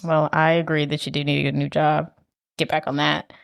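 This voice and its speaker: A woman co-hosting a podcast in casual chat, giving calm, supportive replies. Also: low-pitched, normal speed, creaky, no echo, studio quality. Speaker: podcast co-host.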